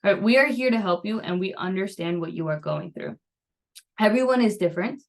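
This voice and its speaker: A woman's voice: medium pitch, brisk. A young woman nutrition coach talks to her clients over a computer mic on a video call. Her voice sits in a middle register, and her delivery is chatty and loose, full of fillers and reassurance. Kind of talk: casual coaching talk over screen share.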